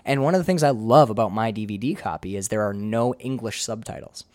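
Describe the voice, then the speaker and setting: A man from Michigan's Upper Peninsula co-hosting a casual film podcast, animated and swearing freely as he raves about movies. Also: on the low side, fairly quick, no room sound, studio quality. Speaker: podcast co-host.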